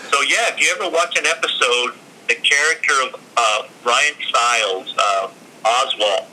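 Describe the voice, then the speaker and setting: A man in a casual interview, telling stories in a lively, chatty way with lots of fillers. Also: mid-range voice, normal speed, rough recording. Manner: animated, acts out other people's lines. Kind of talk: casual storytelling.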